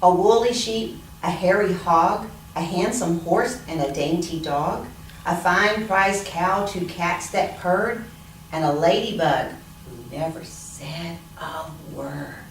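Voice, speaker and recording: A woman librarian reading picture books aloud at a library storytime, in an expressive sing-song way with animal sounds. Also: fairly low pitch, takes it slowly, slight background noise. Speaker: children's librarian. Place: library room. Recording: roomy echo from a distant mic.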